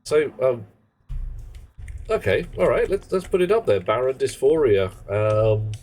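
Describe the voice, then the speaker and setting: A man's voice: medium pitch, animated, unhurried, darkish tone. A man chatting casually on a live game stream, rambling and joking in muttered asides. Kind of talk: casual live-stream chat while gaming.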